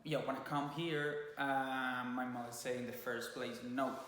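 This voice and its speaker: A man's voice: mid-range voice, moderate pace. A man in his twenties from Cuba with a Cuban Spanish accent, casually telling his story and slipping into Spanish words. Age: 20s. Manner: relaxed, loose storytelling with Spanish slips. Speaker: vlogger. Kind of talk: casual chat. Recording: very echoey room.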